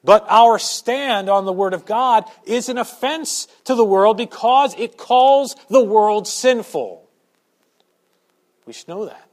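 A man with a high voice preaches to his congregation. He drops into quiet, conversational asides, then builds to loud, emphatic points. The delivery is the steady work of a pastor at the pulpit. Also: slow. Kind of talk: sermon. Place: church sanctuary.

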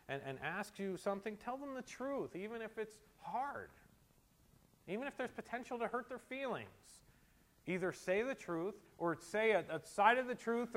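A middle-aged man preaching a sermon as a pastor, moving between quiet storytelling asides and forceful exhortations. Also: high voice.

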